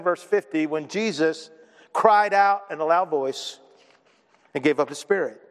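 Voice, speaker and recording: A high-pitched male pastor preaching with emphatic, repetitive build-ups. His voice rings out with a long reverb, as if filling a large hall. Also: fairly bright tone. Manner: emphatic, builds with repeated phrases. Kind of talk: sermon.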